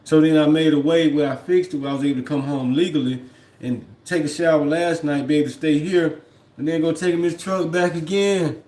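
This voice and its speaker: A man's voice: fairly high pitch, fairly even intonation, brisk, a little mellow, reverberant. A man who drives trucks talks casually on a home livestream, rambling and reflective, often repeating "you know what I mean.". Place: at home, indoors.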